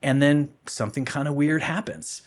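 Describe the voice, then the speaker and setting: A man telling a long story in a casual podcast conversation, with many fillers and restarts. He laughs often and drops soft and quiet for the reflective parts. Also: fairly high pitch, normal speed.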